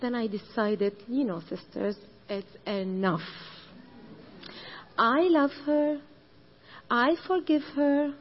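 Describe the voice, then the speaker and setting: A Lebanese-accented woman, a church leader, gives her testimony in slow, deliberate English over a dull, lo-fi recording. Her voice sits fairly high and has a husky edge. She talks earnestly and repeats phrases, building them up to passionate emphasis. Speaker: church leader speaking to women. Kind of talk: personal testimony sermon.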